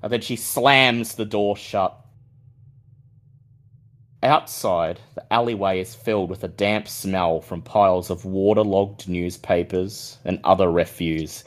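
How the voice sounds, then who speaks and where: A man narrating a tabletop horror game as game master, in slow, measured description. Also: lowish voice.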